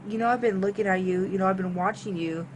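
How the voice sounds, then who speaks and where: A woman voicing an older woman who stalks and presses herself on someone, with breathy pleading and spiteful threats. The voice sits a little above her usual one. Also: mid-range voice, fast, slight background noise, lightly acted. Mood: seductive.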